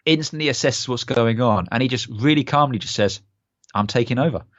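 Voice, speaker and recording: A man's voice: medium pitch, fairly quick, dry recording, highs cut off. A young man co-hosting a podcast in casual chat, enthusiastic and rambling with many fillers. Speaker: podcast co-host.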